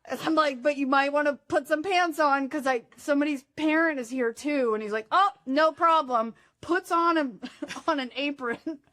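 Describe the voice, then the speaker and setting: A woman's voice: sits high, moderate pace, a bit bright, dry recording, clean studio sound. A woman telling a funny work story in a casual chat, laughing and quoting people.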